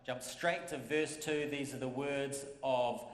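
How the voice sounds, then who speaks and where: A man's voice: mid-range voice, fairly even intonation, unhurried. Man preaching in an echoey church. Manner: conversational, repeats phrases for emphasis. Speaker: pastor. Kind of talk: sermon.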